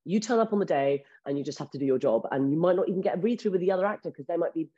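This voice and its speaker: Fast-talking low-voiced actress on a muffled line. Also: female voice, mellow, slightly rough. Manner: candid, swears casually, quick and chatty. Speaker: actress being interviewed. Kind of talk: casual interview chat. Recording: dull lo-fi audio.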